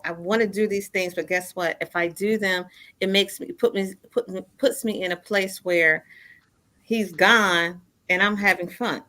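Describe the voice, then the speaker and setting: Earnest woman in her fifties, bright voice. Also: mid-range voice. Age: 50s. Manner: earnest, repeats phrases for emphasis. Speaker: guest. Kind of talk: personal storytelling in a radio interview.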